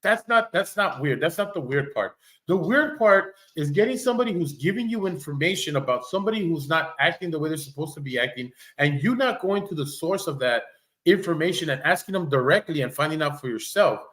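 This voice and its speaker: A man's voice: on the high side, expressive, fairly quick, fairly bright tone. Blunt rambling man commenting on a stream. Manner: blunt, rambling, profane, with many restarts. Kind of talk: casual commentary on a livestream.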